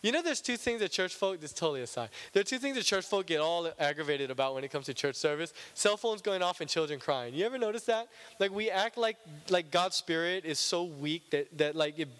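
A man's voice: on the high side, animated, a little fast, hardly any pauses, a bit bright, long reverb tail. A male pastor preaching a conversational, joking sermon in a church, often checking in with "right?".

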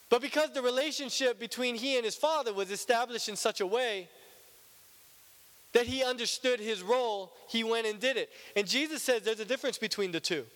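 A man's voice: extremely high pitch, a bit bright, long reverb tail. A male pastor preaching a conversational, joking sermon in a church, often checking in with "right?".

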